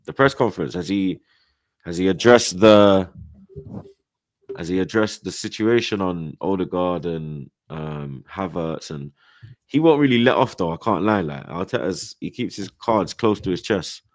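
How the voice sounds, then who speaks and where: Hosting a casual podcast, a young London man with a very low voice rants heatedly about football in multicultural London English slang, swearing freely. He keeps a measured pace but repeatedly climbs into loud, exasperated outbursts. The sound is dry and close, with no room sound.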